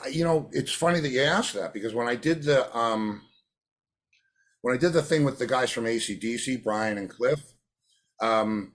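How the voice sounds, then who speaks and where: A male drummer and producer being interviewed, telling anecdotes and acting out the voices of the people in them. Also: mid-range voice. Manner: animated storyteller who acts out quoted voices.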